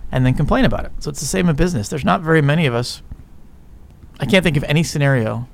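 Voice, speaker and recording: A man's voice: a little high, quick pace, vocal fry. Frank, profane male podcast host. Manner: frank, profane, animated storytelling. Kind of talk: casual podcast rant.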